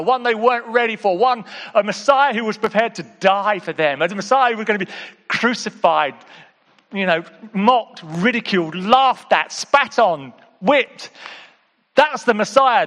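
A man preaching a sermon, casual and direct, dropping to hushed asides and rising to emphatic exclamations, often calling out to the congregation. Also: high-pitched, long reverb tail. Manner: conversational, with repeated calls to the audience.

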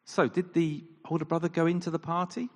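A man preaching a sermon in an animated style, firing off rhetorical questions and acting out quoted lines. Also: on the high side, fairly quick. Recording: long reverb of a large hall.

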